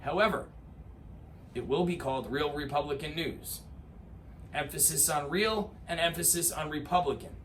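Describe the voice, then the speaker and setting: A man's voice: fairly high pitch, animated, moderate pace, fairly bright tone. Rousing man, faint hiss behind. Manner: rousing, emphatic, with rhetorical lists and repeated calls to action. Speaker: political commentator. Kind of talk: impassioned political address to camera.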